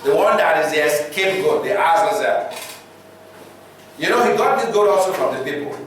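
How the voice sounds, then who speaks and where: A Nigerian preacher delivers a sermon, acting out the stories with a high, swooping voice. He is heard from a distance in a strongly echoing church hall. A faint noise hums underneath. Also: normal speed. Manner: animated, dramatizing scripture stories. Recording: echoey hall from far off.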